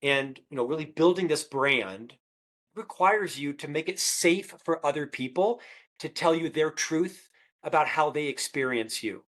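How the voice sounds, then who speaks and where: Animated middle-aged man who stutters. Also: on the high side, unhurried. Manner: stutterer, animated storyteller acting out dialogue. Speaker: guest author. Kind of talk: conversational podcast interview.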